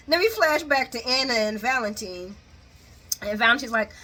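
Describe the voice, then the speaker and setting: A woman giving a lively, casual recap of a soap opera, laughing often and acting out the characters' lines. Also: fairly high pitch, moderate pace. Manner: animated, laughs often, acts out quotes.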